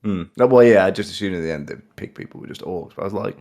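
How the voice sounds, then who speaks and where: A man co-hosting an anime podcast, telling stories and acting out his own reactions. His voice is very deep and gravelly with a lot of fry. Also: fast talker. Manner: animated storytelling, acts out his own reactions in quotes. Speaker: podcast co-host. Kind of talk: casual chat.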